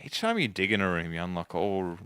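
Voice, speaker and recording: Low-voiced guy narrating his puzzle game, chatty, thinking out loud, bright crisp sound. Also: big pitch swings, brisk, no echo. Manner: chatty, musing aloud to himself. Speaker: let's play host. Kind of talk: casual gameplay commentary.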